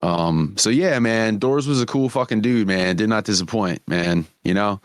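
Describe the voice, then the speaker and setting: A man with a lowish voice hosts a podcast, telling stories in casual chat at a normal speed. He swears freely and laughs often, a profane storyteller recorded with clean studio sound and no echo.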